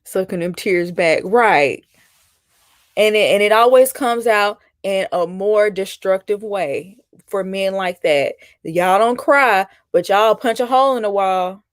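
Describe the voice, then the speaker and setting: A woman's voice: medium pitch, unhurried, no room sound, studio quality. Chatty woman hosting a live stream. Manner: chatty, reacts to viewer comments, mimics people mockingly. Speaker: host. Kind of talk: casual live-stream commentary.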